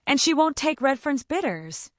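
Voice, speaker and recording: A woman's voice: high voice, sing-song, normal speed, dry recording, studio quality, voice pushed up. A woman doing a whimpering, fussy old cousin. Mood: fretful. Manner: moaning, wailing.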